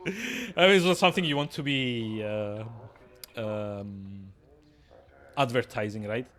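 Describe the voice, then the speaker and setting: A man live-streaming a game from his desk, talking casually to viewers. He rambles, stumbles over his words and restarts his sentences. He chuckles often, and his voice sits at a middling pitch. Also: animated, takes it slowly, a bit bright. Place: at his desk with two screens.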